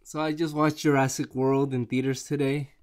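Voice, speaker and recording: A man chatting casually on camera in a rambling, excitable way, with many restarts. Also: mid-range voice, normal speed, clean tone. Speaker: vlogger reviewing a movie. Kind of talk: casual chat.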